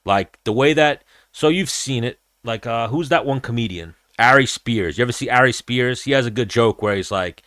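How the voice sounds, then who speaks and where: A man chats on a combat-sports podcast in a blunt, rambling way and swears freely. His voice sits at a mid pitch. It is recorded close and dry. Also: normal speed, hardly any pauses, a bit bright, no echo. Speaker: podcast host. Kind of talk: casual combat-sports chat.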